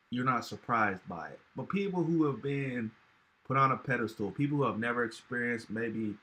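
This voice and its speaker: A man with a bright, forceful voice delivers casual reaction-video commentary. He talks emphatically and leans on slang, often repeating himself for effect. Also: mid-range voice.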